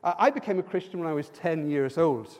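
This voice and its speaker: A man's voice: on the high side, lively intonation, fast talker, darkish tone, dull audio. A man preaching a sermon in a church, earnest and personal, building to emphatic repeated lines. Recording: long hall reverb.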